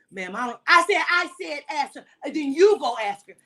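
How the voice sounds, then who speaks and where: A woman's voice: high-pitched, a little fast, few pauses, low-quality recording. A woman hosting a casual chat, telling a profane story and acting out the dialogue with lots of energy. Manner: animated, profane, acts out dialogue. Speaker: host.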